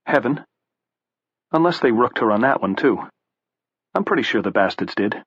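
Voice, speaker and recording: A man's voice: medium pitch, expressive, moderate pace, a bit bright, breathy edge, dry recording, highs cut off. A man voicing a mild but bitter middle-aged man who speaks in a dry, sardonic way.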